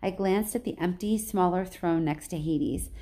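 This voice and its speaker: A woman teacher reading a novel aloud in plain, even storytelling with small slips. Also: fairly low pitch, moderate pace.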